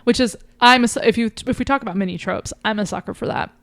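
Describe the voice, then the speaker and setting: A woman podcast co-host casually recaps a book's plot in a chatty way, full of likes and ums, briefly acting out quoted lines. Her voice is a little high and a bit bright, she talks fast, and the recording is dry.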